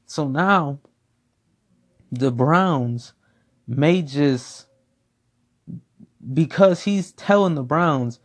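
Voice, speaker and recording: A man's voice: a little high, animated, drawn-out words, long pauses. A man giving a casual football opinion rant, blunt and profane, repeating himself for emphasis. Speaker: sports commentator.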